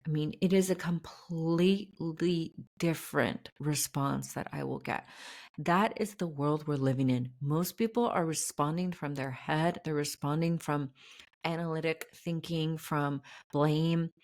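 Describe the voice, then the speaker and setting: A woman's voice: sits low, measured pace, darkish tone. A woman speaking as a podcast guest and spiritual coach, earnest and reflective as she talks openly about feelings. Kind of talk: casual interview conversation.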